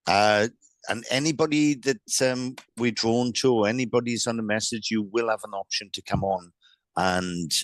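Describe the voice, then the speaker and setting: A man's voice: on the low side, normal speed, no room sound. A South Welsh man in his fifties, giving a live mediumship reading in a friendly, chatty way, often stammering and restarting his sentences. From South Wales.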